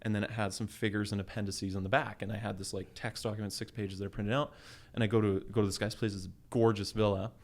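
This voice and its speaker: Low-voiced man telling a lively story. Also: fast. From Canada. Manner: animated storyteller, acts out quoted voices with laughs. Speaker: guest entrepreneur. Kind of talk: casual storytelling interview.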